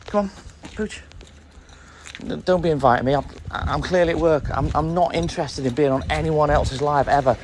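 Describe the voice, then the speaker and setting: A man's voice: on the high side, normal speed, a little mellow, a little hiss or hum. A man, a milkman streaming live from his van on his round, grumbling and swearing as he chats to viewers and his dog. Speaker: livestreaming milkman. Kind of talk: casual live-stream chat.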